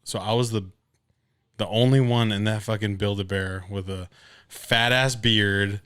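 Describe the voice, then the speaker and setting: A man in his late twenties co-hosts a casual podcast chat, telling a story packed with swearing and acting out other people's voices. His voice is on the low side, unhurried, and clean in tone.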